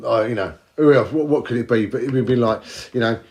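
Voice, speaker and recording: A man's voice: mid-range voice, fast, darkish tone, slight background noise. A man with a London working-class accent, a cab driver in casual conversation, blunt and down-to-earth, sometimes searching for words.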